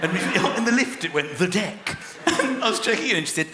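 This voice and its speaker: A man doing a stand-up comedy routine, animated, slipping into other voices and shouting punchlines. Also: high-pitched, normal speed, heavy background noise. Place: large venue with a live audience. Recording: echoey live hall with loud crowd laughter.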